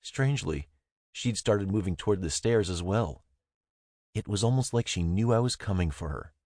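A man's voice: sits low, animated, normal speed, a little mellow, no echo, studio quality. A young man reading a first-person novel aloud in a wry, easygoing way. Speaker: narrator. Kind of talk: first-person audiobook narration.

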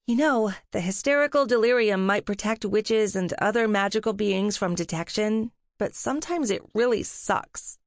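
A woman's voice: mid-range voice, moderate pace, hardly any pauses, no room sound, clean studio sound, voice pushed up, lightly acted. A woman voicing an anxious, impulsive teenage girl apprentice witch in an audiobook, sounding whiny and pleading.

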